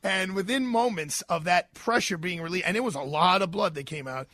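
A man's voice: high voice, fairly quick, bright, forceful tone, dry recording. A middle-aged man hosting a radio talk show, telling stories in a chatty, rambling way into a studio mic. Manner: chatty storytelling with fillers and restarts. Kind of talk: casual radio monologue. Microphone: studio microphone.

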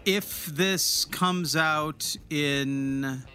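A man's voice: fairly high pitch, very slow, pushed and bright, soft background music. A man hosting a podcast, chatting enthusiastically about films and actors with a guest, often restarting his sentences. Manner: chatty, enthusiastic film talk with many restarts. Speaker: podcast host. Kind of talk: casual interview chat.

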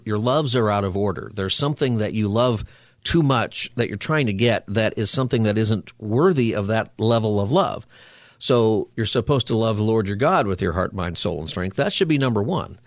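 Male talk radio host, low voice, dry studio mic, conversational. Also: dry recording. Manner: conversational, preachy, upbeat.

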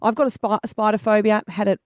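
A woman co-hosting a breakfast radio show, chatty and quick to laugh. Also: mid-range voice, little pitch movement, dry recording, clean studio sound. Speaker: radio co-host.

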